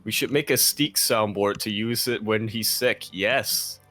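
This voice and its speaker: A man's voice: lowish voice, a little slow, a bit bright, soft background music. A man co-casting a live esports tournament in laid-back, joking banter with frequent laughs. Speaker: esports co-caster. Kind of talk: casual live commentary banter.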